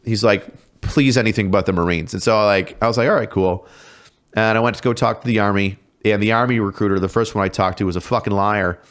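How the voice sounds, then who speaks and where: Podcast guest, male, 30s, lower voice, swearing storyteller who acts out the people in his stories. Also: steady tone, quick pace. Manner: profane, laughing storyteller, acts out quoted voices. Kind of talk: casual storytelling chat.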